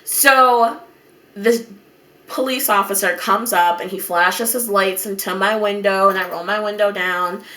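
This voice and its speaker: A young woman vlogger telling a dramatic story in an animated, over-the-top way, swearing now and then. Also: mid-range voice, measured pace. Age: young adult.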